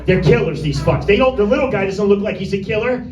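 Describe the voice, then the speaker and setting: Male stand-up comic, high-pitched, crude and rambling, ribs the small crowd; echoey room, mic far off. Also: animated, fast talker. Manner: crude, rambling, teases audience members by name. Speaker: stand-up comedian. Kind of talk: stand-up set rehearsal. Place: small room with a tiny audience.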